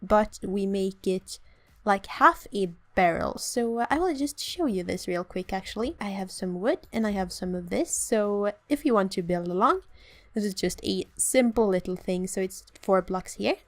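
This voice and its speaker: A woman's voice: medium pitch, lively intonation, normal speed. A young woman with a Swedish accent, chatting casually as she walks through a build in a game. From Sweden. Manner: chatty, self-deprecating, explains as she builds. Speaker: let's play host. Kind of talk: casual gameplay commentary.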